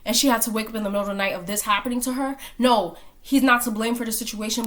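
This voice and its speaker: A woman's voice: mid-range voice, a bit bright. A woman giving a blunt, heated opinion in a commentary vlog, hammering her points with rhetorical questions and swearing. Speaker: commentary vlogger.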